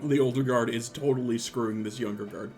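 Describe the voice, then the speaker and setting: A man narrating a tabletop game as game master over an online call, playful and animated. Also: mid-range voice, fairly quick, faint music behind. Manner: animated, playful, laughing often.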